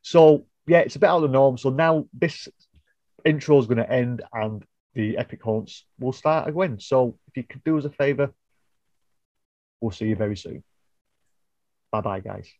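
A man's voice: medium pitch, moderate pace, long pauses, darkish tone, dry recording, dull audio. A man co-hosting a casual podcast over a video call, rambling and correcting himself as he goes. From United Kingdom. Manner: rambling, self-correcting, apologetic. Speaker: podcast co-host.

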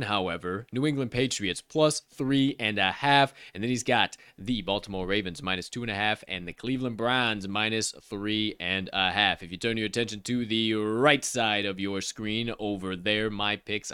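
A man's voice: fairly low pitch, pushed and bright, clear, resonant tone, dry recording, clean studio sound. Laid-back man reading football picks. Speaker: co-host of a football betting podcast. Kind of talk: casual sports podcast chat.

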